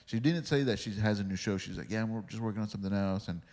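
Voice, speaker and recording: A man's voice: lowish voice, fast, darkish tone, big-room sound. A man guesting on a podcast, telling rambling stories full of swearing and acted-out quotes. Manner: rambling, swears freely, acts out quoted dialogue. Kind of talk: casual storytelling chat.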